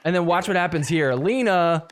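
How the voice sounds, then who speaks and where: A man's voice: high voice, moderate pace. A man hosting a podcast, giving casual commentary over match clips, laughing often and mock-quoting the players.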